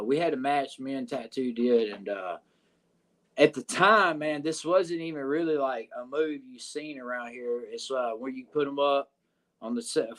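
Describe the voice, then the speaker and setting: A man with a Southern US accent telling a locker-room story in a podcast interview, cursing often and rambling with fillers. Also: medium pitch. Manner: profane, rambling, frequent "uh" and "you know what I'm saying". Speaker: wrestler guest.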